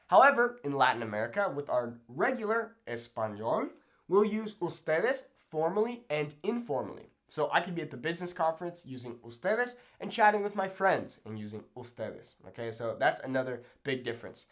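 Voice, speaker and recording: An upbeat young man teaching at a whiteboard, his pitch bouncing up and down as he explains. He talks in a friendly, chatty way and keeps checking in with the listener. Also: big pitch swings, a little fast. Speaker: Spanish teacher. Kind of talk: whiteboard language lesson. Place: room with a whiteboard.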